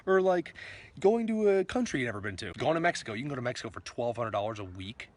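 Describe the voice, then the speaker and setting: A man's voice: medium pitch, big pitch swings, fast. A man from Florida talking to camera in a casual vlog, rambling and joking at himself. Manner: rambling, self-mocking, laughs between thoughts. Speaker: vlogger.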